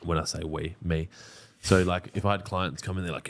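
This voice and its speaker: A man's voice: low-pitched, moderate pace. A man, co-hosting a podcast in blunt, joking, casual chat. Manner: blunt, joking, swears freely. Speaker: podcast co-host.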